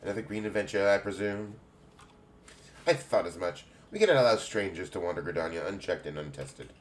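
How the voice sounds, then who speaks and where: A man's voice: sits low, animated, brisk, a little hiss or hum, pitched above the performer's own voice. A man voicing a dry, sardonic male city guard in a put-on English accent while reading game dialogue aloud.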